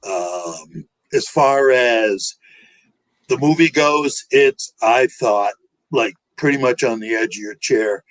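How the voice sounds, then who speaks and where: A man in a casual panel discussion, giving his opinions in a measured, unhurried way. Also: medium pitch, dry recording, low-quality recording. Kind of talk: casual debate chat.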